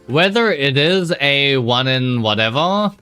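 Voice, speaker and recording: A man's voice: medium pitch, animated, measured pace, pushed and bright, smooth, soft background music. A man streaming a video game, sleepy and rambling, with lots of fillers and the odd curse. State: drowsy. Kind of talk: casual live-stream commentary.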